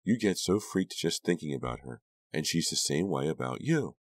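Sweet earnest teen girl peacemaker, deep guy putting her on, dry sound. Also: lively intonation, moderate pace, dry recording. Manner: earnest, soothing. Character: gentle loyal teenage girl friend.

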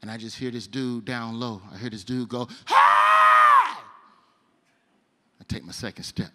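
A man performing stand-up comedy, telling a story and moving from hushed asides to loud punchlines. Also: medium pitch, a little fast, heavy background noise. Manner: animated, shifts between hushed and loud. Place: comedy stage.

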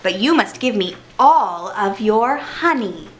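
A woman voicing a sly, smooth-talking male fox tailor in a storybook reading. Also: medium pitch, lively intonation, slow pace, a little hiss or hum. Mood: persuasive.

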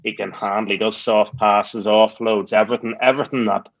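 A man's voice: fairly low pitch, level tone, brisk, no room sound, lo-fi sound. A man with an Irish accent, a guest on a podcast, talking in a dry, understated way. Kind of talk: casual chat.

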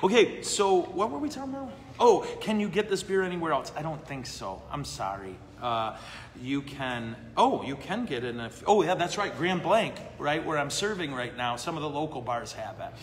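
A man's voice: medium pitch, sing-song, moderate pace. A man, a priest hosting a live question-and-answer show in a brewery, talking casually and joking about himself, often checking in with "okay?" and "right?". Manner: joking, self-deprecating, asks the room "okay?" and "right?". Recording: long reverb, faint ambient noise.

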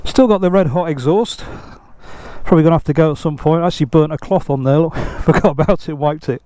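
A man's voice: fairly high pitch, fast talker, dark tone, no room sound. An older man, chatting casually outdoors beside his motorbike in a rambling, self-deprecating way. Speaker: motorcycle vlogger. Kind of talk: casual vlog chat.

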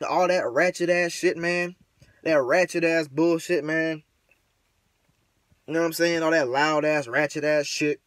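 Frustrated male vlogger, slightly high voice, dry room, rambling slangy delivery. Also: fairly even intonation, measured pace, long pauses, fairly bright tone, no echo. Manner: rambling, slangy, many fillers; frustrated, preachy. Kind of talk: casual rant to camera.

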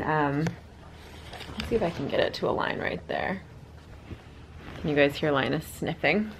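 A woman's voice: low-pitched, expressive, normal speed, creaky, long pauses, a little hiss or hum. A young woman chatting casually to her camera at home for a lifestyle vlog, filler-heavy and self-deprecating. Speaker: lifestyle vlogger. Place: home, kitchen and indoors.

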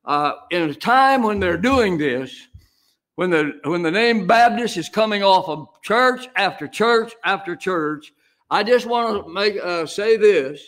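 An older man preaching a sermon as senior pastor, in a homey, folksy style with slow, emphatic repeated phrases. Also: high-pitched, lively intonation, fairly bright tone.

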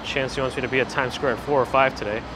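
A perky man chats his way through a live walk, reacting to viewer comments as he goes. He talks at an everyday middle pitch. He is recorded outdoors on a handheld rig, and clear street traffic noise runs underneath. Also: fairly even intonation, racing. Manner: chatty, reads viewer comments aloud. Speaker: livestream host. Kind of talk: casual walking livestream chat. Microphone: handheld phone gimbal mic. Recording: noisy outdoor street audio.

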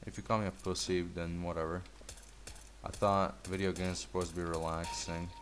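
A man's voice: deep voice, little pitch movement, moderate pace, a bit bright, a little hiss or hum. A man giving casual gameplay commentary, laid-back and mumbly, trash-talking and swearing at the game.

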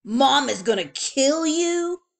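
A woman voicing a teasing older brother bunny in a loud, joking way. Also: high-pitched, animated, slow, vocal fry, pitched above the performer's own voice, heavily acted.

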